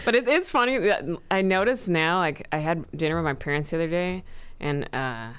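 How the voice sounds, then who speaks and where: A woman comedian chatting as a podcast guest, soft-spoken and halting, often trailing off. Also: on the low side, animated, smooth. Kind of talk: casual chat.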